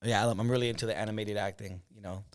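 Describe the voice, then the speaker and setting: A man's voice: fairly low pitch, fairly even intonation, rapid-fire, smooth, no room sound, clean studio sound. A man guesting on a podcast as a comedian and actor, talking in a laid-back, slangy way. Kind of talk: casual interview chat.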